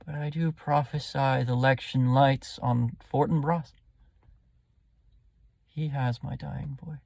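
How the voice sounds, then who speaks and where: A dying young prince speaks softly, his voice fading, as a man recites him. The tone is gravelly and the sound dry and close. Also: medium pitch, steady tone, slow pace, dry recording. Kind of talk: Shakespeare recitation.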